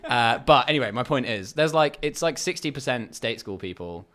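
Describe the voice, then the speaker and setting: A man's voice: mid-range voice, expressive, normal speed, a bit bright. A young man from Essex with a well-spoken English accent, chatting as a guest comedian on a podcast and rambling through his points with lots of fillers. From England (Essex). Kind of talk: casual podcast chat.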